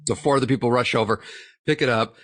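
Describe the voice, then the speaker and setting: A man's voice: mid-range voice, quick pace, a bit bright, no echo, clean studio sound. A young man hosting a podcast, telling a rambling, profanity-laced story and laughing as he goes. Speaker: podcast host. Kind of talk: casual chat.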